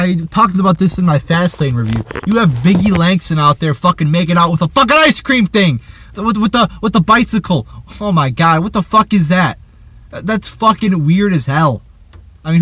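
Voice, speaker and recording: A man's voice: high-pitched, fairly bright tone, no room sound. A man reviewing a wrestling show in an angry, profane rant, often stammering and repeating his words.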